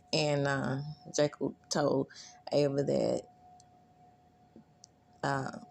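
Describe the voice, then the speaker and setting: A woman recapping a TV episode in a chatty, animated way, laughing often and squealing when she quotes lines. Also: low-pitched, creaky. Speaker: recap vlogger.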